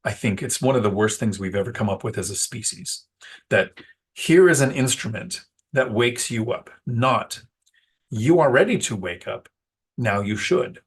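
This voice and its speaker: In a casual talking-head vlog, a man who invests in real estate rambles about being a landlord, laughing at himself whenever words escape him. He speaks on the low side, expressively and at normal speed, in a slightly rough voice.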